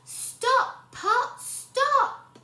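A woman voicing a kind young girl in a storybook reading, calling out clearly. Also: extremely high pitch, sing-song, slow, pushed and bright, roomy sound, recorded from a distance, pitched above the performer's own voice, heavily acted. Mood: alarmed.

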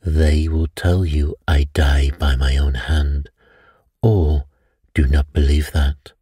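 A man's voice: a bass voice, level tone, slow pace, dark tone, breathy edge, no echo, studio quality, exaggerated voice. A man voicing an impatient, blunt male friend and investigator who sounds exasperated, read for an audiobook. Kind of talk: audiobook character reading.

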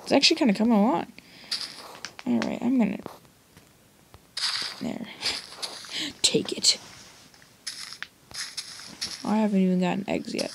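A woman's voice: mid-range voice, unhurried, vocal fry, pauses often, noisy background. A young woman giving rambling, jokey commentary on her own gameplay and talking straight to her viewers. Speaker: let's play gamer. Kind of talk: casual game commentary.

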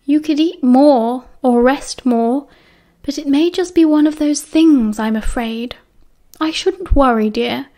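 Woman voicing a gentle British school nurse, older. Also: sits high, slow pace. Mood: soothing.

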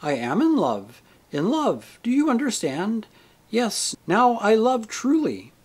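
Saintly joyful lady spirit, read by a man, tender and teasing, lively, husky. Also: sits high, slow pace, pitched above the performer's own voice, heavily acted. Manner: tender, gently teasing, earnest.

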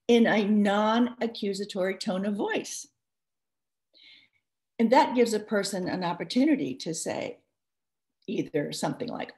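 A woman author giving advice in a live interview, talking in a lively, rambling way full of restarts and asides. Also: mid-range voice, a little slow, long pauses. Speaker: author discussing her book.

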